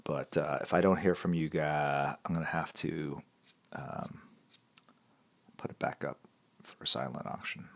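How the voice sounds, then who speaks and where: A man hosting a live drawing stream, chatting in a relaxed, rambling way and answering viewer questions, often dropping to a soft mutter. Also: extremely low pitch, a little slow, creaky, long pauses. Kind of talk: casual chat with viewers while drawing.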